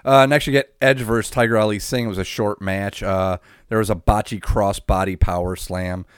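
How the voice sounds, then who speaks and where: A man's voice: on the low side, fairly even intonation, moderate pace, smooth, no room sound, clean studio sound. A man co-hosting a podcast, casually recapping a wrestling event blow by blow with lots of filler and swearing. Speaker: podcast co-host.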